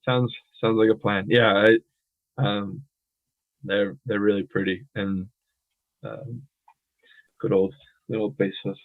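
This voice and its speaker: American man co-hosting, low voice, relaxed and filler-heavy, thin dry line. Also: takes it slowly, pauses often, no room sound. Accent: American English. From United States. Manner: relaxed, filler-heavy, says he speaks in a monotone. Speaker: podcast co-host. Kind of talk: casual chat. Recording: dry, phone-like audio.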